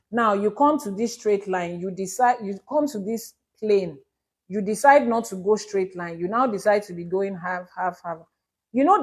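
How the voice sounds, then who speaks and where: Teaching on a live stream, a Nigerian Ifa priestess answers questions from viewers in a medium-pitched, slightly mellow voice. She explains emphatically, leaning on examples and repeating what matters most.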